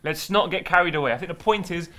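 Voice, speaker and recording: A young man co-hosting a casual football chat show, jokey and quick to laugh. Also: fairly high pitch. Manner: excitable, jokey, laughs often. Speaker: co-host. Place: studio in London.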